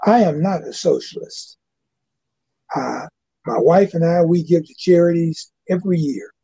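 An older man tells a personal story, halting and filling pauses with "you know." His voice is very dark, gravelly and husky. The dry, dull webcast audio sounds lo-fi. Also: a little high, no echo. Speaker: guest. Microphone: webcast mic.

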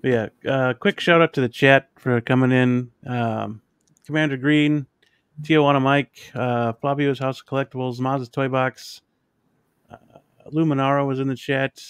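A man's voice: medium pitch, fairly even intonation, a little slow, smooth, no echo. A man hosting a casual livestream, reading out chat names in an easygoing way. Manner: easygoing, many fillers. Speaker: host.

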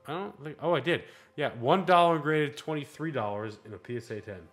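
A man's voice: on the high side, a little fast, soft background music. A man hosting his channel, chatting casually while opening trading cards, laughing often and stumbling over card names.

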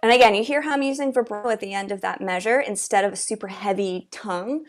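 A woman's voice: mid-range voice, fast talker, loud music behind the voice. A woman teaching an oboe masterclass, chatty and encouraging, singing rhythms aloud as she explains. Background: oboe playing.

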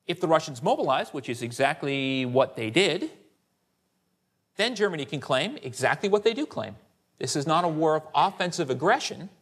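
A man giving a lecture as a historian, conversational and lively, often asking "Right?" and quoting sources in character. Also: a little high, breathy edge. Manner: conversational, rhetorical asides like "Right?"; animated, quotes sources in character. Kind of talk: academic lecture.

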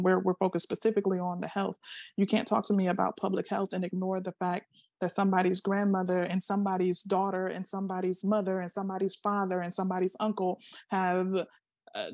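A woman's voice: on the low side, a little mellow, slightly rough, dry recording, studio quality. A middle-aged woman giving a passionate seminar talk over a video call, emphatic and full of rhetorical questions. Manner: emphatic, repeats words, asks rhetorical questions. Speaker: seminar speaker.

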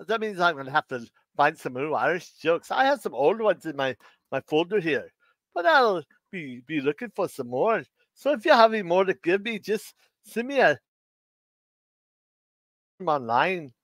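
A middle-aged man hosting a live stream, telling dad jokes in a slow, halting way and chuckling at his own punchlines. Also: sits high, fairly bright tone, dry recording. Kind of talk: casual live-stream chat.

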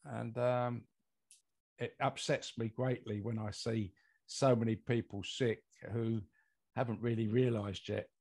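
An older UK mold investigator, guesting on an interview podcast, recounts a long personal story at a measured pace, meandering and filling gaps with fillers. His mid-range voice is creaky, a bit mellow, and fairly even in intonation.

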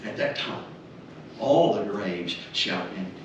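Slow, earnest preacher in an echoey chapel. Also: male voice, lowish voice, expressive. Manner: earnest, repeats rhetorical questions. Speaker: officiant at a memorial service. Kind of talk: funeral sermon. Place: funeral home chapel. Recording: echoey chapel, mic far off, room noise.

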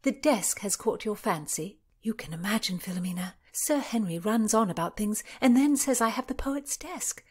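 A woman's voice: animated, normal speed, hardly any pauses, husky. A woman voicing a spirited young Tudor noblewoman, speaking emphatically and earnestly in an audiobook. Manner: emphatic, earnest, raised pitch.

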